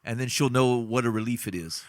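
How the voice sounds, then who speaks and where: A man's voice: medium pitch, fairly quick, no room sound. A man hosting a podcast in casual chat, rambling and self-deprecating and laughing often. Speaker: podcast host.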